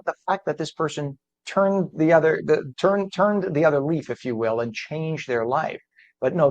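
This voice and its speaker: A man hosting a morning TV program, talking with a guest in an easy, conversational broadcast style. His voice sits at an ordinary middle pitch. The studio sound is dry and close, with little room in it. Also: no room sound, dull audio. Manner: conversational, animated when making a point. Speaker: TV morning show host. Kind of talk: broadcast interview.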